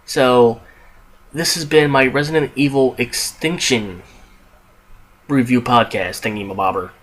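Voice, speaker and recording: A man's voice: medium pitch, measured pace, fairly bright tone. A young man casually reviewing a film on his podcast, rambling with frequent restarts, asides and casual swearing. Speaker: movie reviewer, podcast host.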